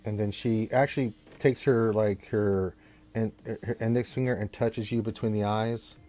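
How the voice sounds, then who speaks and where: A man's voice: lowish voice, fairly even intonation, moderate pace, dark tone. A man narrating as game master of a tabletop game in a loose, conversational way with fillers.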